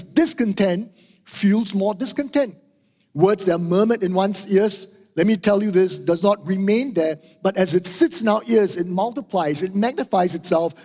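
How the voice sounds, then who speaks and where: Middle-aged man, high-voiced emphatic preacher, long hall echo. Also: a little mellow. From Singapore. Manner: emphatic, repeats key phrases, asks "right?" and "okay?". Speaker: pastor. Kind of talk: sermon. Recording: hall reverb.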